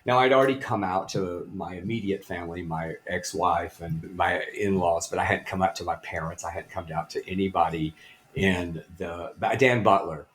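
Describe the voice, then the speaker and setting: A middle-aged man, a podcast guest, telling personal stories in an animated way and chuckling between phrases. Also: low voice, normal speed. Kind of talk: conversational storytelling.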